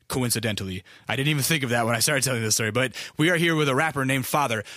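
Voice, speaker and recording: A man's voice: mid-range voice, fairly bright tone, no room sound, clean studio sound. A young man hosting a podcast, telling a long story in a loose, profane, rambling way with many restarts. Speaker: podcast host. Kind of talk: casual storytelling monologue.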